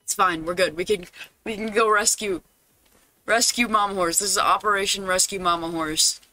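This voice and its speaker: Bright-voiced man streaming a game. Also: sits high, steady tone, moderate pace, soft background music. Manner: chatty, fretting aloud, bursting into loud dramatic cries. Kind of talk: casual gameplay commentary on a live stream.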